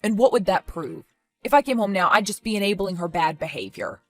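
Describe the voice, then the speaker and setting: A woman voicing a careless father who breezily brushes off his girlfriend's worries in an animated story. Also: mid-range voice, fairly quick, soft background music, lightly acted. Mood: lecturing. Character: dismissive careless father, a grown man. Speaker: boyfriend and father.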